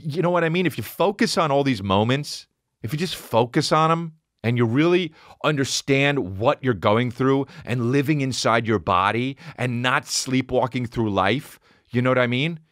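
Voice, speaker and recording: A man in his forties hosting a podcast, telling a rambling, profane story and jumping into high voices for quotes. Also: a bit bright, dry recording, clean studio sound. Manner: rambling and profane, acts out quotes with big pitch jumps. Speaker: podcast host. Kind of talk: casual monologue.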